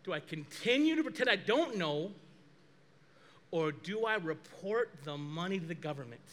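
High, bright-voiced preaching pastor. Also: male voice, moderate pace. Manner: animated preaching, acts out quoted dialogue. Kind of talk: sermon.

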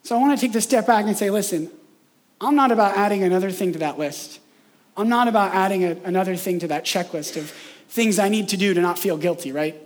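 A male pastor delivering a sermon in a relaxed, chatty way, with a notably high voice. He peppers his points with "right?" and drops into slower, quieter phrasing when he wants something to land. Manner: conversational, frequent "right?" tags, acts out imagined voices.

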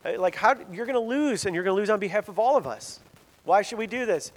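A man's voice: sits high, animated, fast talker, pitched above the performer's own voice. A man voicing a doubtful, skeptical king. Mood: incredulous. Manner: incredulous, stumbling questions. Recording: long hall reverb.

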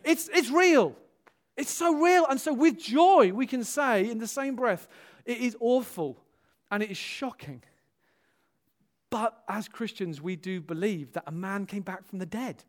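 Casual: pastor guy preaching a sermon, tells stories n does the voices, bouncy pitch. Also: measured pace. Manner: animated, exclaims hallelujah and amen; storytelling, acts out quoted dialogue.

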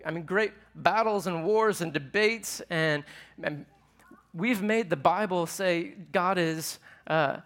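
A man's voice: high-pitched, slow pace, fairly bright tone. Conversational man preaching a sermon. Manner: conversational, asks the audience questions. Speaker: pastor.

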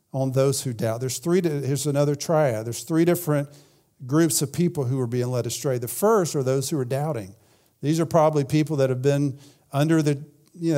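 A man's voice: mid-range voice, mellow. A man preaching a sermon in a conversational way, often repeating words and saying "man". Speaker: pastor.

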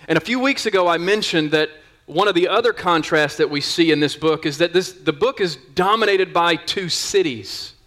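A man's voice: fairly high pitch, bright, forceful tone. A man, a pastor preaching a sermon in a church in an earnest, conversational way. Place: church sanctuary.

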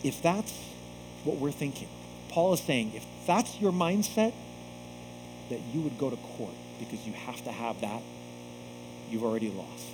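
Animated male pastor preaching in a hall. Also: medium pitch, unhurried, long pauses, background noise. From United States. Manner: animated, acts out quoted voices. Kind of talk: sermon.

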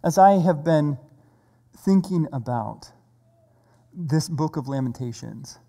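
A preacher giving a sermon in a measured, earnest way. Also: mid-range voice, animated, warm tone. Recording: long reverb of a large hall.

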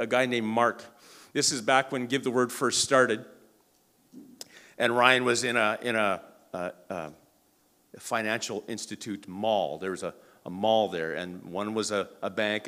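A man preaching a sermon, telling a story in an animated way and often restarting or repeating words. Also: lowish voice. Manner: animated, acts out quoted dialogue.

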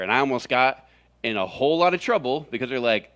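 A middle-aged man from Florida preaching a humorous sermon to a room, telling stories with animated, jokey delivery and sudden exaggerated voices. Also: medium pitch, fast. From Florida, USA. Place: large room with audience.

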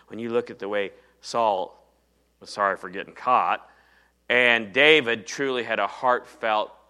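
A man preaching a sermon, retelling Bible stories with animated storytelling and acting out the dialogue. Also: lowish voice, measured pace, clean tone.

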